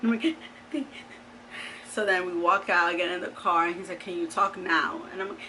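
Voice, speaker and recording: A woman in her thirties telling a personal story to her camera in a chatty, animated way, full of fillers and exclamations. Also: on the low side, moderate pace, a little hiss or hum, rough recording. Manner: chatty, animated, lots of "like" and "oh my God". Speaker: vlogger.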